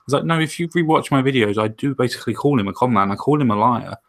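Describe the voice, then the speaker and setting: A man in casual online group chat, talking quickly with sarcastic, self-mocking humor. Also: mid-range voice, expressive. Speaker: guest YouTuber on a panel chat.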